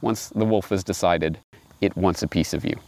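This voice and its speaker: A man reading fables aloud and commenting on them, animated and wry. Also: low-pitched, normal speed. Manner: animated, wry, laughs at his own points. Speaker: host.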